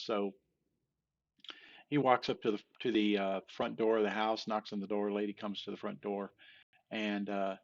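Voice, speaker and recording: An older man telling dad jokes and groaners in a rambling, halting way, full of fillers and restarts, laughing off the punchlines he flubs. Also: lowish voice, creaky, muffled recording. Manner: self-deprecating, laughs off flubbed punchlines. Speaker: joke teller. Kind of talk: casual joke telling.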